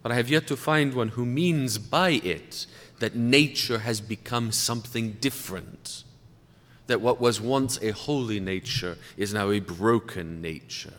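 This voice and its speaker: Give me a man delivering a deliberate sermon in a reverberant hall. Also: medium pitch, fairly bright tone. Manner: deliberate, slowing down to stress key words. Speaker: priest speaking to clergy. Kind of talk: sermon-style lecture. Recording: long reverb of a large hall.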